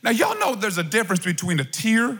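Animated high-voiced preacher in a reverberant hall. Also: male voice, quick pace, husky. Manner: animated, conversational preaching with asides. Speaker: pastor. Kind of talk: sermon. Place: church auditorium. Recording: long reverb of a large hall.

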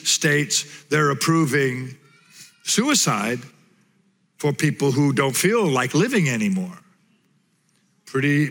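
Male pastor, mid-range voice, lively sermon delivery, long hall reverb. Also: medium pitch. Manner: animated storytelling with playful voices for characters.

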